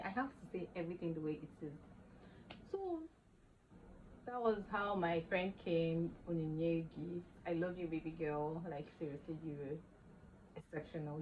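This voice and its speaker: A young woman gives an animated, emotional first-person testimony for her vlog. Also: lowish voice, dull audio, a little hiss or hum. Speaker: vlogger.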